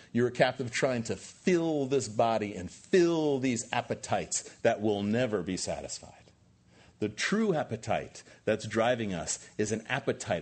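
Male pastor, husky voice, lively swooping delivery, preaching with emphatic rhetorical questions. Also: lowish voice. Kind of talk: sermon.

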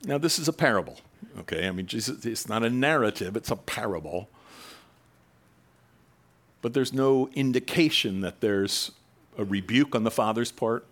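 A man giving a sermon, reading a long scripture passage slowly and stopping to comment with wry asides. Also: expressive. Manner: acts out the quoted voices, rising loud and high for the angry sons. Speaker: preacher.

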